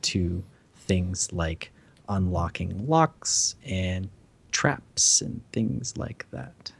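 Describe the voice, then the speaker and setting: A man's voice: deep voice, lively intonation, extremely slow, vocal fry, slightly rough. A man narrating as dungeon master, describing the scene with fillers and self-corrections. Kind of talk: narrating a tabletop game.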